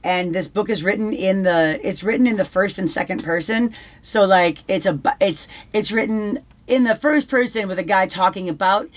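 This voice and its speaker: Chatty, foul-mouthed young woman. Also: medium pitch. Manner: swears freely, fast restarts and repetitions. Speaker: podcast co-host. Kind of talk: casual chat.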